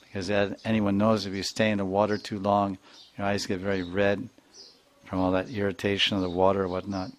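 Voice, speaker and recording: Man teaching, telling a devotional story, lively, steady voice. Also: lowish voice, fairly quick. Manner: animated, acts out the story. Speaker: spiritual teacher.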